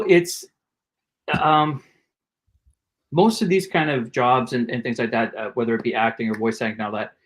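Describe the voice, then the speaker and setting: A man guesting on a podcast, telling animated stories and acting out quotes from his work as a performer. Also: lowish voice. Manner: animated anecdote teller who acts out quotes. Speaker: guest actor, comedian and voice actor. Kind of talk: casual interview storytelling.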